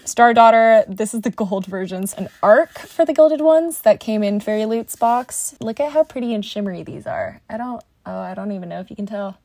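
Young female book vlogger, casual and gushing, mid pitch, dry close sound. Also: moderate pace, few pauses, dark tone, no echo. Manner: chatty, rambling, gushing over books. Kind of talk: casual bookshelf tour. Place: home bookshelf room, Las Vegas.

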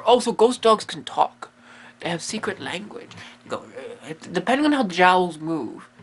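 A man's voice: sits high, very animated, moderate pace, a bit bright. A man hosting a comedic monster explainer, rambling in a playful, goofy way full of silly asides. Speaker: comedic host playing a medium.

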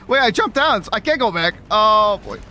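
A man's voice: high voice, bright, forceful tone, slight background noise. A man streaming a horror game, swearing, exasperated and repeating himself in panic. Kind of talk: live gameplay commentary.

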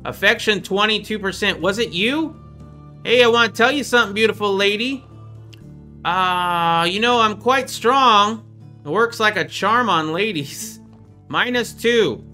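A man with a high, bright, forceful voice gives casual gameplay commentary as the show's host. He is chatty and playful and pokes fun at himself. Faint music plays underneath him. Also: animated, measured pace. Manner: chatty, playful, jokes at his own expense. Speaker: gaming video host.

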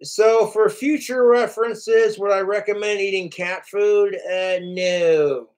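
A man's voice: sits high, steady tone, slow pace, a little mellow. A man hosting his livestream, ranting casually and profanely, acting out the lines of others. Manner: profane, boastful, acts out quoted lines. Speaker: livestream host.

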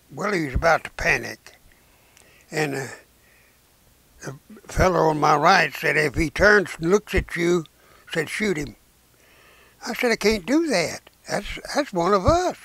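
A man, a war veteran and preacher telling his memories slowly and haltingly in an interview, in folksy rural speech. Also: fairly high pitch, creaky, fairly bright tone, dry recording. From Arkansas, United States. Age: 90s. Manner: slow, halting storytelling with many "uh"s and restarts.

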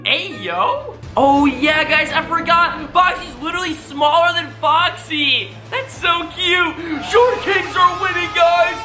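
A young male YouTube host doing hyper, jokey reaction commentary that swings between shouting and mock crying. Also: very high-pitched, slow pace, few pauses, over music.

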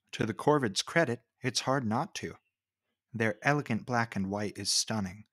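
A man giving scripted narration for a nature video, with a wry, measured storytelling manner. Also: medium pitch, fairly bright tone, no echo, studio quality.

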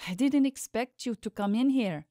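Audiobook role: a timid young servant woman, pleading and anxious, high-pitched, voiced by a woman narrator. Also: normal speed, dark tone, dry recording, studio quality, close to an everyday voice. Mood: fearful pleading. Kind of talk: audiobook character voice.

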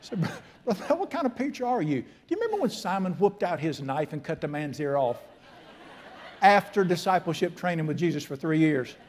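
Preacher in his sixties, slightly high voice, folksy and emphatic storytelling sermon. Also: sing-song, moderate pace, a little hiss or hum. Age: 60s. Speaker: pastor.

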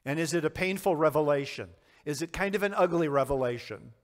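A man's voice: fairly high pitch, lively intonation, fairly quick. A man teaching a verse-by-verse Bible study as a pastor, earnest and questioning his audience, sometimes acting out quoted lines. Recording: long hall reverb.

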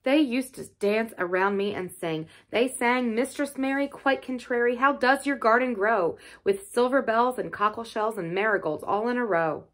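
A woman's voice: fairly high pitch, moderate pace, few pauses, fairly bright tone, voice pushed up, lightly acted. A woman voicing an earnest young girl, once contrary, who speaks in a pleading, heartfelt way. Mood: resentful.

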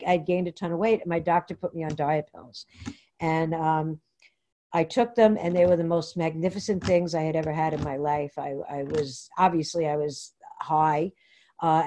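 A woman from Long Island telling her own recovery story at an online meeting, halting and rambling with many fillers and restarts. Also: fairly low pitch, darkish tone. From New York, Long Island. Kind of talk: personal share at a Zoom meeting. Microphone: computer mic on a video call.

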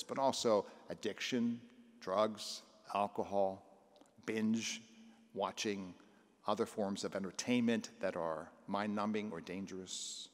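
Older priest preaching in a reverberant church. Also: male voice, lowish voice. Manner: conversational preaching, acting out scripture voices. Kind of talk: sermon.

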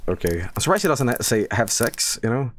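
Lively, profane male streamer. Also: mid-range voice, brisk, slight background noise. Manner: profane, joking, often laughing. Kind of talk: casual live-stream commentary.

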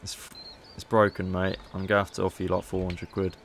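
A man's voice: low-pitched, completely flat delivery, fast talker, a little hiss or hum. A man casually commentating gameplay as a YouTuber, chatty and playful. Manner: chatty, playful, haggling asides. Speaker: gaming YouTuber.

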